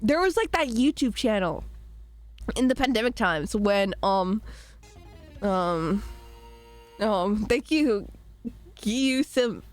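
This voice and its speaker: A woman's voice: medium pitch, lively intonation, takes it slowly, pauses often, faint music behind. A young woman streaming while sick, chatting casually and rambling between giggles as she reads chat aloud. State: sick, voice rough.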